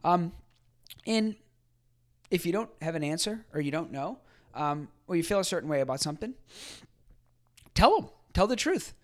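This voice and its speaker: Guy hosting a sales podcast, kinda high voice, rambling casual chat w lots of ums. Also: sing-song, normal speed, long pauses. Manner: conversational, many fillers and restarts; acts out quoted people in a livelier voice. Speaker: podcast host. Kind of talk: casual solo commentary.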